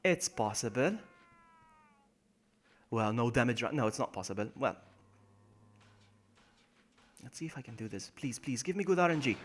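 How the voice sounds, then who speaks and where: A man's voice: moderate pace, long pauses. A man streaming a game live, greeting viewers by name, yelping when things go wrong and mocking himself. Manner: excitable, jumps to high yelps when in danger, then mutters low. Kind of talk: live gameplay commentary.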